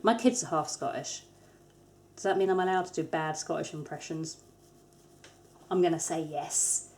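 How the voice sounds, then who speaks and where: A woman's voice: sits low, fairly even intonation, normal speed, a little mellow. A woman, hosting a craft tutorial in a casual, chatty manner with light self-deprecating humour. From England. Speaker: soap maker, tutorial host.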